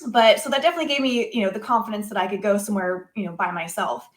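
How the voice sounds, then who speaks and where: A young adult woman telling a story as an interview guest, casual and animated, with many fillers. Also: medium pitch, racing. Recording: echoey room.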